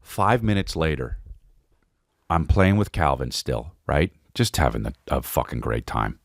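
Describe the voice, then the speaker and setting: Male comic podcast host, lively pitch swings, dry close sound, profane storytelling. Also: measured pace, no room sound. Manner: animated, profane, rambling. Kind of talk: comedic storytelling.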